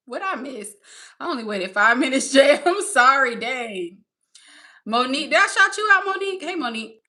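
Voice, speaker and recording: A woman's voice: high-pitched, sing-song, moderate pace, pushed and bright. A woman streaming live, chatting casually and rambling while she reads the chat and talks to her viewers. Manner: rambling, reading chat aloud, laughing often; talks to the audience as y'all.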